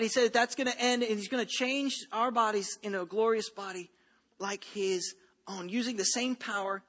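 A man's voice: sits high, a bit bright, big-room sound. A man preaching a sermon in a casual, conversational way, full of asides and repeated phrases. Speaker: pastor. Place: church hall.

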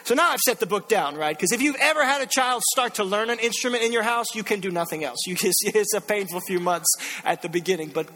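A man in his thirties preaching a sermon, telling a lively family story and acting out the voices with frequent laughs. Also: high-pitched, quick pace. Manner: animated storytelling, acts out voices, laughs often. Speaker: pastor.

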